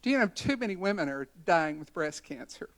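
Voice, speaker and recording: A woman voicing a sassy, insistent Southern woman over seventy, her voice a little higher and louder than her own. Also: very animated, fairly quick.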